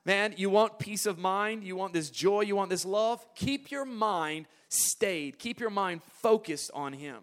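A high-pitched man preaches a sermon. He drops into hushed, low asides, then surges into loud, emphatic declarations. He often repeats and restarts his phrases as he builds a point. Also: a little slow, few pauses.

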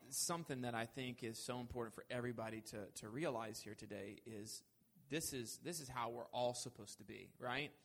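A man's voice: medium pitch, brisk, vocal fry, few pauses, fairly bright tone. A man, a pastor hosting the talk, speaking emphatically and urging his listeners. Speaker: pastor and host. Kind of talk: sermon talk.

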